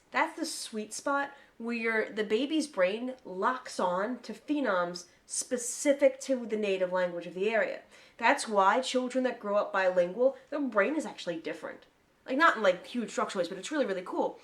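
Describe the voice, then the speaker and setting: Chatty, swearing woman podcast host. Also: mid-range voice. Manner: lively, chatty, swears freely, explains at length. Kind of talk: casual chat.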